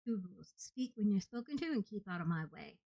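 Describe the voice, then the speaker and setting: A woman's voice: medium pitch, lively intonation, fairly quick, gravelly, mellow, dry recording, far from the mic, lo-fi sound. A woman voicing a stern, hard-bitten female watch officer who gives curt commands.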